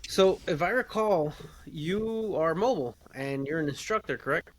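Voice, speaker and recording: A man's voice: on the high side, expressive, moderate pace. An American man in his forties, co-hosting a podcast in a brash, casual way and swearing freely. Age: 40s. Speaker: podcast co-host. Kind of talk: casual chat.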